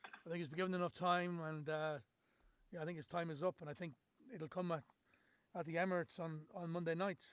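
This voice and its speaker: Male podcast host, high voice, blunt and opinionated, dry close sound. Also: little pitch movement, a little fast, a bit bright, clear, resonant tone, dry recording. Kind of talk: casual football chat.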